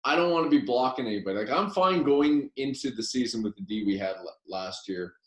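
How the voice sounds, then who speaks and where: A man's voice: medium pitch, animated, fairly quick. A man co-hosting a casual hockey podcast, opinionated and rambling, often trailing off mid-sentence. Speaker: podcast co-host. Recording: echoey room.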